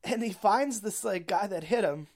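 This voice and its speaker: A woman's voice: mid-range voice, normal speed, a little mellow. Rambling young woman recapping a movie. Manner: rambling, heavy on "like" and swearing, laughs often. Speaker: movie reviewer. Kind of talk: casual plot recap.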